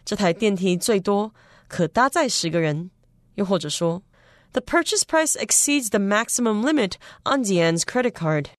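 Woman teacher, vocabulary explainer, measured delivery, dry studio sound. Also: mid-range voice, lively intonation, no echo. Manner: measured, spells words out slowly. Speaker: language teacher. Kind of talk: explaining English vocabulary in Mandarin.

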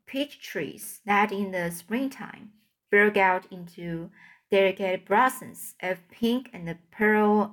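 A woman reads a fairy tale aloud at a slow, careful pace. She trips over hard names and restarts her phrases, correcting herself as she goes. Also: mid-range voice. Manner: slow, halting, with slips and self-corrections. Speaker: audiobook reader.

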